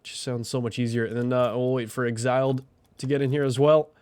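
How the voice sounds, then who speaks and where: A man's voice: mid-range voice, fairly even intonation, fairly quick, darkish tone, clear, resonant tone, no room sound. A man hosting a game tournament stream, chatting casually and thinking aloud with lots of fillers. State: out of breath. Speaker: tournament host. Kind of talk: casual livestream commentary.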